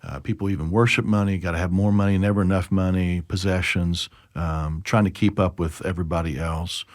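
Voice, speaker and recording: Casting: relaxed male podcast host, low voice, dry close-mic sound, chatty. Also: fairly quick, no room sound. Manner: chatty, tells jokes with acted voices. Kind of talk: casual podcast conversation.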